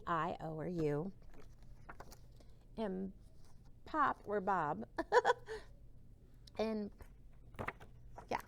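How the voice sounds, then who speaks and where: A woman teacher giving a slow phonics lesson to young children, sounding out each vowel and gently encouraging them. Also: medium pitch, vocal fry, slight background noise. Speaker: kindergarten teacher.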